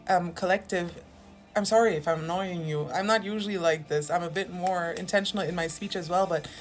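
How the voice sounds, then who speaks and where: A young woman chatting casually through a tarot reading in a rambling, self-mocking way. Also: lowish voice. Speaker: tarot reader.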